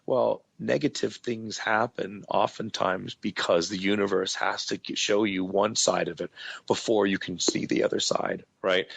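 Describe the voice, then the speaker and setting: A man's voice: deep voice, creaky, a bit bright, breathy edge, dry recording. A man who is a guest actor, earnestly telling personal stories in a candid interview. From grew up in the Southern US and California. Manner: earnest, reflective, laughs between stories.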